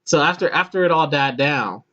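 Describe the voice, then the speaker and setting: Lively intonation and a pushed, bright, slightly high voice mark this podcast host in his thirties, who talks at a moderate pace. He tells a long personal story in a casual way, laughing often, restarting sentences and acting out voices. The podcast audio is muffled and lo-fi.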